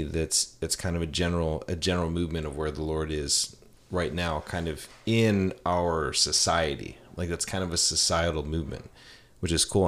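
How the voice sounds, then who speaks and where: A man hosting a casual podcast conversation, speaking in a reflective, measured way. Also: low-pitched. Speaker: podcast host.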